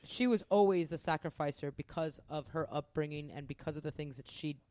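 A woman's voice: low voice, fairly quick, no room sound. A woman co-hosting a casual podcast chat, telling stories with feeling and plenty of swearing. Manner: emotional, swearing, animated storytelling.

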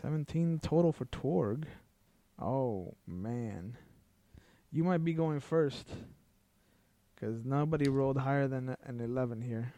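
A man's voice: medium pitch, takes it slowly, dark tone, no room sound. A man running a tabletop game as game master, narrating scenes in a loose, descriptive way with lots of "like" and "kinda".

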